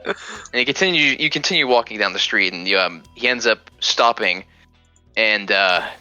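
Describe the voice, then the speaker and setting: A man narrating as game master in a tabletop game, halting and restarting often. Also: fairly low pitch, animated, pushed and bright, clean tone, no room sound, dull audio, faint music behind.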